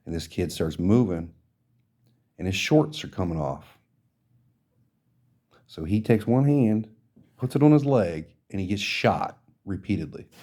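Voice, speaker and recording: A man on a podcast, ranting in an indignant, emphatic way and swearing freely. His voice sits fairly low, with a soft, mellow tone rather than a bright edge. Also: expressive, a little slow, pauses often. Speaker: podcast host. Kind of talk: ranting social commentary.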